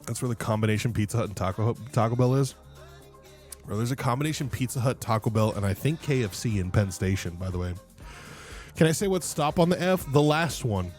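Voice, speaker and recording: A man's voice: medium pitch, animated, a little fast, a little mellow, soft background music. A young man livestreaming, chatting casually with viewers, laughing often, rambling and swearing freely. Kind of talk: casual stream chat.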